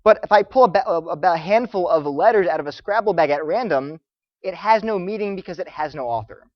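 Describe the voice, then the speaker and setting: A man lecturing students, telling stories in an animated way and acting out the voices of the people he quotes. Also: sits high, brisk, no room sound, highs cut off. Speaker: Christian apologetics speaker.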